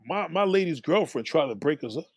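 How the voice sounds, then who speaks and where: A man telling street stories in a casual monologue, animated, acting out the voices of the people he describes. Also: on the high side, fairly quick, breathy edge, no room sound.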